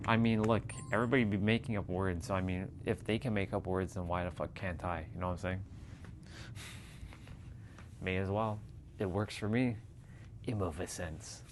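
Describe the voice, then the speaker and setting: Low-voiced man rambling casually. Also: fairly even intonation, moderate pace, pauses often, background noise. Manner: rambling and profane, laughs often. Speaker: livestream host. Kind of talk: casual chat.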